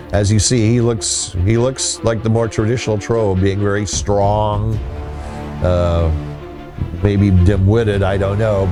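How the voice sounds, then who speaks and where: A man hosting a casual talk on folklore, telling a story in a rambling, halting way with many restarts. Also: fairly low pitch. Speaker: host.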